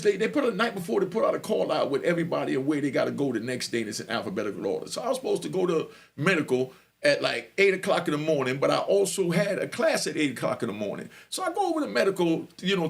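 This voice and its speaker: A middle-aged man telling a story in casual, animated speech, often asking listeners if they follow. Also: fairly high pitch, gravelly. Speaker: storyteller and channel host.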